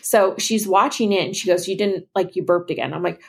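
A woman's voice: lowish voice, brisk, vocal fry. A young woman co-hosting a podcast, telling a story in casual chat and acting out both sides of the conversation. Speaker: podcast co-host.

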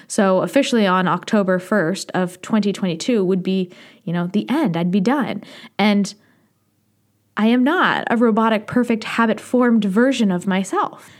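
Woman doing a solo podcast, candid and reflective, laughs here n there, mid-pitched voice. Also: normal speed. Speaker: podcast host.

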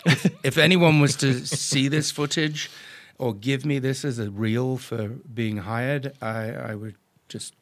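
A man casually telling a story as a podcast guest, animated and acting out the people he quotes, with some swearing. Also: mid-range voice, measured pace. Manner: salty, swears freely. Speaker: podcast guest, drone business owner.

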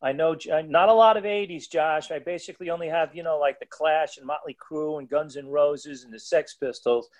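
A man's voice: on the high side, brisk, hardly any pauses. A man who plays the music at powerlifting meets, telling rambling, digressive stories in a casual podcast chat with many restarts.

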